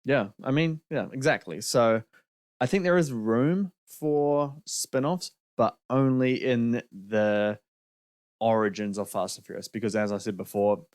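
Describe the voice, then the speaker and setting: A man's voice: medium pitch, measured pace, a little mellow, dry recording, clean studio sound. A young man co-hosting a podcast, giving his opinions on films in a casual chat and laughing easily. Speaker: podcast co-host.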